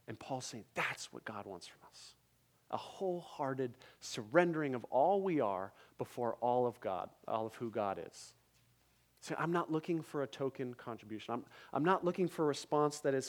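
A man's voice: medium pitch, animated, moderate pace. A male pastor preaching a sermon at a church service, emphatic, with repeated phrases and rhetorical questions to the congregation.

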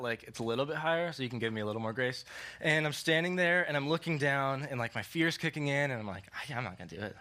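A young man giving a sermon in a relaxed, conversational way, telling a story and checking in with listeners. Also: on the high side. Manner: casual, conversational, lots of "like" and "okay". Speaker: preacher.

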